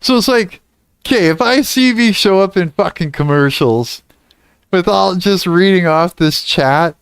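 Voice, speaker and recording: A man's voice: high-pitched, expressive, unhurried, clean tone, no room sound. A young man hosting a casual livestream, reading chat comments aloud, laughing often and swearing freely. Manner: giggly, swears a lot, reads chat aloud. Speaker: livestream host.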